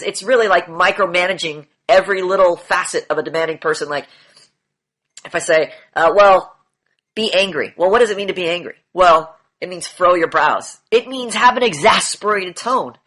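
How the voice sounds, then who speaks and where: Speaking at a moderate pace in a high, sharp voice, a male demand training coach lectures a group bluntly in an online session. He repeats key phrases and swears now and then.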